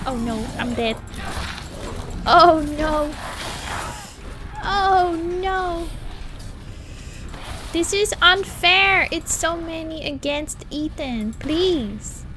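A woman streamer doing panicky let's play commentary of a horror game, exclaiming and talking slowly between scares. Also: extremely high pitch, expressive, bright, forceful tone, soft background music. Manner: slow, drawn-out talk.

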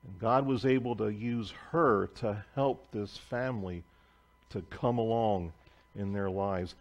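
A man preaching a sermon as pastor, telling a story emphatically and swinging between loud declarations and hushed asides. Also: fairly low pitch, measured pace, lo-fi sound. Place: church sanctuary.

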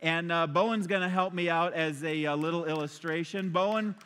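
Male pastor preaching on stage, energetic and conversational, high bright voice, long hall reverb. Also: moderate pace, clean tone. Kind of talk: sermon. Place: church stage with a congregation.

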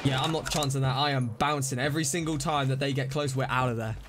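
A man streaming a zombie game live, reacting excitably, scolding himself and thanking donors. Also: mid-range voice, quick pace, very noisy. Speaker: livestreamer. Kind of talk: live gameplay commentary. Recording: music playing behind voice. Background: game music and gunfire.

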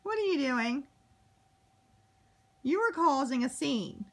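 High-pitched woman baby-talking her bird. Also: big pitch swings, slow pace, a bit bright. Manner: coos and baby-talks to her bird, laughs often. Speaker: pet owner filming her cockatoo. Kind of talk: casual home video chat. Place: living room at home. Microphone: handheld camera.

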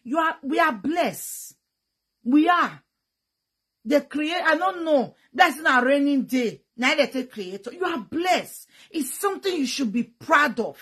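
Loud animated Nigerian Pidgin woman. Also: sits high, measured pace. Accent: Nigerian Pidgin English. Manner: animated, loud bursts and sound effects; blunt and teasing. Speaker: vlogger. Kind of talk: frank casual talk to viewers.

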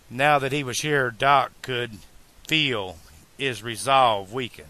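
A man reads a fan-made audiobook in a slow, deliberate pace. His tone is bright and clear at a medium pitch. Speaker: audiobook narrator.

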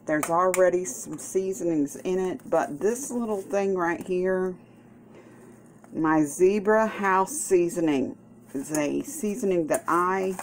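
A woman with a fairly low voice chats slowly and lovingly through a home cooking vlog. She is playful and doting, with delighted exclamations. Faint kitchen noise sits behind her. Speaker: home cook vlogger.

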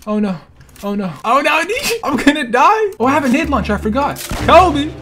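A man's voice: very high-pitched, brisk, a little hiss or hum. A young man giving live, panicky commentary on his own gameplay, yelping and repeating himself. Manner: excitable, panicky, yelps and shouts; repeats phrases, slangy "bro" and "dude". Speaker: gaming streamer.

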